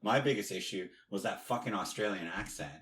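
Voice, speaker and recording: A man's voice: on the low side, a little fast, a bit bright. A man co-hosting a casual movie podcast, blunt and swearing a lot as he talks. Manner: blunt, swears often, lots of fillers. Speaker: podcast co-host. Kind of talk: casual movie review chat.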